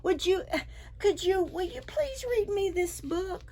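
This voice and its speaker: A woman voicing a hopeful young male dragon in a storybook, pleading sweetly in a high voice. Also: lively intonation, measured pace, dark tone, full character voice.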